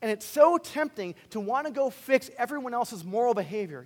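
A man preaching a sermon as a pastor, animated and swinging between loud emphatic bursts and quiet, earnest asides. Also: very high-pitched, fairly quick, hardly any pauses, long reverb tail.

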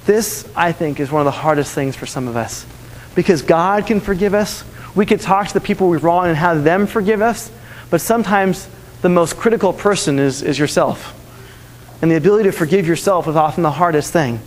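High-voiced earnest preacher. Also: male voice, a little fast, big-room sound. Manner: earnest storytelling, repeats key lines. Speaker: pastor. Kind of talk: sermon.

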